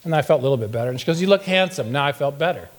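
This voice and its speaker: A man's voice: fairly high pitch, lively intonation, very fast, background noise. A middle-aged man preaching a humorous sermon in church, telling playful stories and acting out quotes. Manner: playful storytelling, acts out quotes. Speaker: pastor. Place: church sanctuary.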